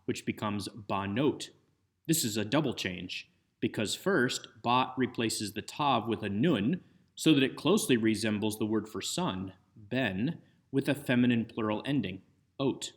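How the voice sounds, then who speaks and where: A man's voice: on the low side, a little slow. A man giving a recorded lecture on Hebrew grammar over slides, explaining methodically step by step. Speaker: Hebrew instructor.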